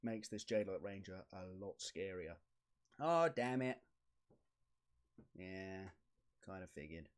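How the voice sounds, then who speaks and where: A man streaming a card game, muttering commentary to himself with sudden excited outbursts. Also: deep voice, slow, pauses often, clear, resonant tone. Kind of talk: casual gameplay commentary.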